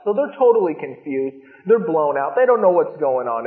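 A man's voice: sits high, lively intonation, fairly quick, hardly any pauses. A man preaching an expository Bible sermon, earnestly retelling scripture in plain everyday words. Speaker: pastor. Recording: echoey hall over a tinny phone-like line.

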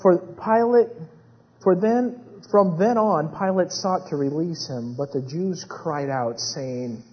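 A man preaching a sermon with dramatic swings between hushed retellings and rising intensity. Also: fairly high pitch, a little slow. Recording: dull sound with long hall reverb.

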